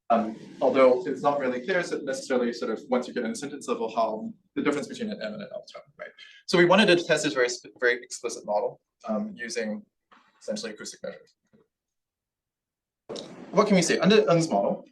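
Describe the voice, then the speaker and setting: Man giving an academic lecture, distant mic. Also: medium pitch. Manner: explains with frequent "right?" checks and "um" fillers. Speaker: linguistics researcher giving a seminar talk. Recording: distant mic in a room with faint background noise.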